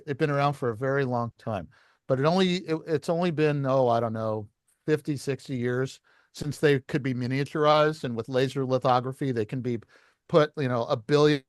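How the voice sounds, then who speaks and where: A man's voice: mid-range voice, no echo. Man lecturing a class, dry sound. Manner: explains step by step, asks the class questions. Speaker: licensing class instructor.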